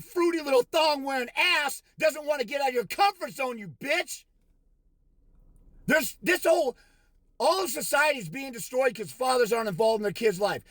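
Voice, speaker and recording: High-voiced man in an angry rant. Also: dry recording. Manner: aggressive, insulting, with shouted bursts; mocking put-on quotes of others. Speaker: fathers' rights consultant. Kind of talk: angry profane rant to camera.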